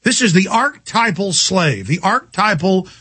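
A man hosting a talk radio show, ranting in a heated, mocking, combative way and swinging his pitch for effect. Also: animated, normal speed, bright, forceful tone, slightly rough, dry recording. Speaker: radio host. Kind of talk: heated on-air rant.

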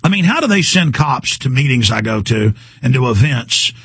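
A man's voice: medium pitch, sing-song, moderate pace, vocal fry, fairly bright tone, breathy edge, dry recording. A male radio host delivering an agitated, ranting talk radio monologue, often stumbling over repeated words.

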